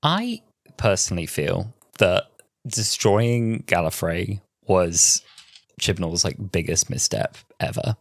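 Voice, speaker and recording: A man's voice: low-pitched, big pitch swings, takes it slowly, creaky, dry recording. A man in his twenties co-hosting a casual podcast chat, sharing earnest, opinionated views as he thinks aloud. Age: 20s. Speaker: podcast co-host.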